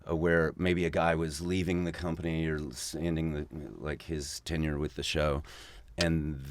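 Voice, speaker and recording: Very deep-voiced man chatting. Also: flat delivery, moderate pace, no room sound. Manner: rambling, with many restarts and fillers. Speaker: podcast guest. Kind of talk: casual chat.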